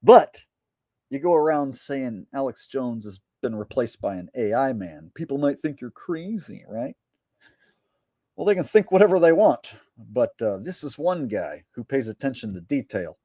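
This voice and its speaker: A man's voice: medium pitch, sing-song, moderate pace, dark tone, no room sound, studio quality. A man, a comedian, doing live stream commentary in a boastful, profane, rambling way.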